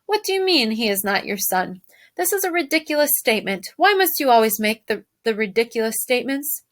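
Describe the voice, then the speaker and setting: A vain, haughty mother mouse voiced by a woman speaks with a put-on French accent and a lifted, high voice. She talks with a storybook flair and waves things off. Her grammar is charmingly off. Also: sing-song, fairly quick. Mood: indignant. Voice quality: mangled grammar, haughty and dismissive.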